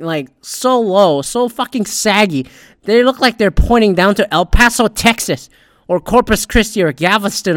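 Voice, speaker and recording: A man's voice: high-pitched, fairly bright tone, no echo, studio quality. A man ranting in casual, rambling commentary, sarcastic and swearing constantly as a podcast host. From Asian heritage.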